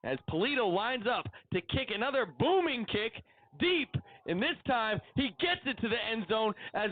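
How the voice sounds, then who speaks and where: A man calling play-by-play at a high school football game, chatty and excitable about the action. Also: moderate pace, no room sound, phone-quality sound. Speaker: play-by-play announcer.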